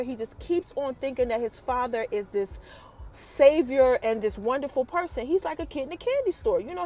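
Her voice sits high and a little mellow as she breezily recaps a TV episode on her podcast. She speaks directly to listeners, filling the retelling with quick side comments.

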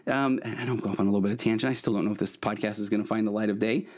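A man's voice: on the low side, fairly even intonation, racing, darkish tone. A middle-aged man, a therapist hosting his podcast, giving earnest advice in a rambling way with many restarts. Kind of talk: solo podcast monologue, advice.

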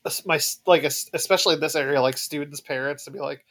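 A man's voice: fairly high pitch, fairly even intonation, quick pace, a bit bright. Teasing man co-host. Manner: joking, teasing. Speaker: podcast co-host. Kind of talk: casual chat.

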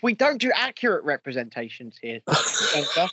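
A man's voice: high voice, very animated, moderate pace, bright, forceful tone. A man hosting a casual podcast chat, joking loosely and swearing. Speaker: podcast host.

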